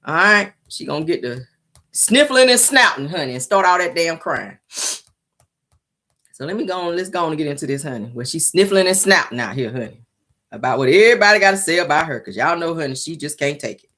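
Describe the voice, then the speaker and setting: A woman's voice: sits low, lively intonation, fast talker, bright, forceful tone. A woman hosting a casual celebrity gossip show, sassy and teasing, calling her audience honey and child. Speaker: commentary show host.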